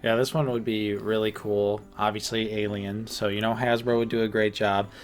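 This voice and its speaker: A man's voice: on the low side, level tone, moderate pace, faint music behind. A man co-hosting a casual collector podcast, speaking in an easygoing, rambling way. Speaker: podcast co-host. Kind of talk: casual chat.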